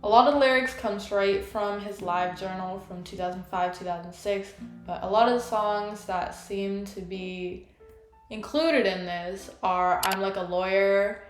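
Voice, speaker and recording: A woman's voice: medium pitch, unhurried. A young woman telling a fan-history story in a casual, gossipy way, full of "like"s. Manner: gossipy, animated, many "like"s. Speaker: YouTuber. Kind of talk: casual commentary video. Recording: echoey room, faint music.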